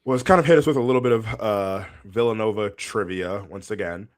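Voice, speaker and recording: A man's voice: on the low side, brisk. A man co-hosting a sports podcast in casual chat, rambling with many fillers and frequent laughs. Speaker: podcast co-host.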